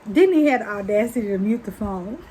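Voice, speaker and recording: A young woman, telling a casual storytime and acting out what people said in high voices. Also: a little fast, a little hiss or hum, low-quality recording. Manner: animated, acts out quotes in high voices. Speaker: vlogger.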